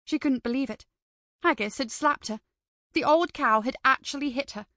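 A woman's voice: high-pitched, normal speed, fairly bright tone, no room sound. Woman narrating an audiobook, dry and close. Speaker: audiobook reader. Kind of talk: scripted narration.

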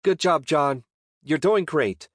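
A sarcastic young woman archer in a fantasy audiobook, voiced by a man lifting his voice high. She needles her friend in dry, mocking tones, bright and raised. The read is close and dry. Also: very animated, brisk, dry recording. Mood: teasing.

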